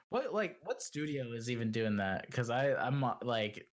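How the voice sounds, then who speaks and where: A man's voice: medium pitch, a bit bright. A young man co-hosting a casual podcast, griping and sarcastic. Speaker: podcast co-host. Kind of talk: casual chat.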